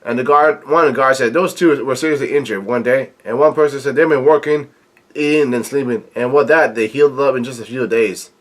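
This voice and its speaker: Guy reading a comic out loud on his channel, trips over words a lot, mid pitch voice. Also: steady tone. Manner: halting, frequent restarts and fillers. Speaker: reaction video host. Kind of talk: reading a comic aloud with commentary.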